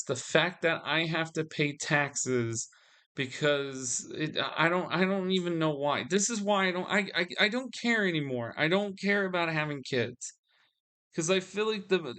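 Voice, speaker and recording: A man's voice: on the high side, fairly bright tone. A man venting to his audience in a solo video, weary and frustrated, often restarting his sentences. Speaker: vlogger.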